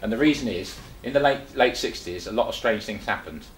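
A man's voice: lowish voice, expressive, a little fast, roomy sound, slight background noise, rough recording. An older man from England giving a chatty talk to a small group, full of rhetorical questions and restarts. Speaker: presenter. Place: meeting room.

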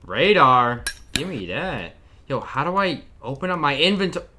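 A man's voice: fairly high pitch, big pitch swings, normal speed, sharp tone, a little hiss or hum. A young man nervously commenting to viewers while playing a horror game. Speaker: gaming streamer. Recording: keyboard and mouse clicks behind the voice.

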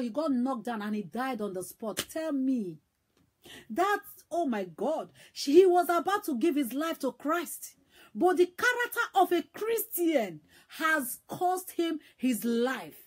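A woman evangelist preaching a sermon, emphatic and repetitive, swinging between loud and hushed. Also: high voice.

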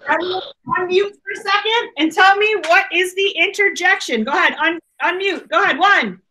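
A woman teacher runs a grammar lesson for her students over a video call. Her voice sits high and bright, and she talks in a chatty way, often checking in with an okay. She is heard through a computer mic. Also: moderate pace, a little hiss or hum. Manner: chatty, repeats okay a lot. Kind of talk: online class lesson.

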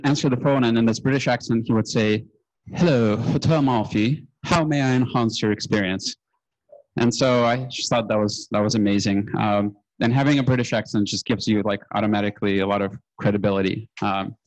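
A man giving a casual conference talk on stage, relaxed and anecdotal, with frequent ums and uhs. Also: mid-range voice, muffled recording. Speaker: conference speaker.

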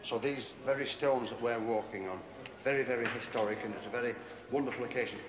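An exuberant man presenting a travel segment out of doors on a hot day, coaxing and playing to the camera. His voice sits at an everyday middle pitch. Clear background noise from the old outdoor broadcast runs under his talk. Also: fairly even intonation, quick pace. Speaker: TV host.

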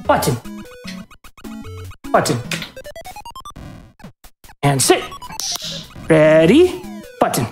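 A man's voice: a little high, big pitch swings, slow, pauses often, a little mellow, soft background music. A man at a live speedrun marathon, giving doting, coaxing commands to his dog while explaining the game.

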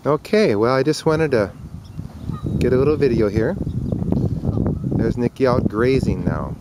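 A man narrating a casual home video outdoors in a riverside park, chatting in a rambling way and calling to his dog in a high voice, recorded on a handheld camcorder. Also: measured pace. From Minnesota. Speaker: dog owner filming outdoors. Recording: faint outdoor noise.

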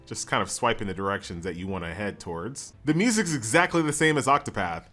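A man's voice: lowish voice, animated, fast, a bit bright. A man hosting his own gaming channel, giving upbeat casual let's-play commentary and reading tutorial prompts aloud. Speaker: gaming YouTuber. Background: game music.

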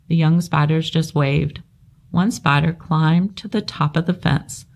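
A woman on library staff reading a children's novel aloud in a steady, measured narration. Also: low voice, vocal fry.

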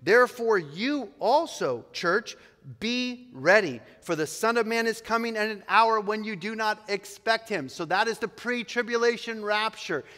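A man's voice: sits high, lively intonation, measured pace, pushed and bright. A male pastor preaching a sermon and reading scripture aloud in a church sanctuary. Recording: long reverb of a church hall.

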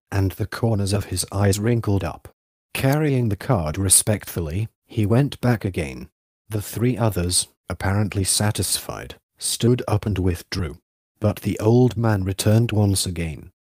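A man narrating a literary novel as an audiobook in a measured, even way. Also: on the low side, no room sound, clean studio sound.

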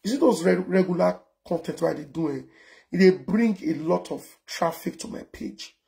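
A Nigerian man in his forties hosting a casual live stream, talking in an animated way and firing off repeated rhetorical questions. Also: high-pitched, normal speed, gravelly. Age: 40s. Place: indoors abroad, cold.

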